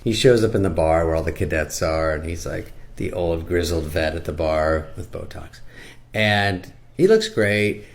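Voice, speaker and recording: A man's voice: normal speed, creaky. Sarcastic man riffing in a comic monologue. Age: older. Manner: sarcastic, deadpan riffing with high-pitched impressions. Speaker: comedian. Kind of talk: comedic monologue.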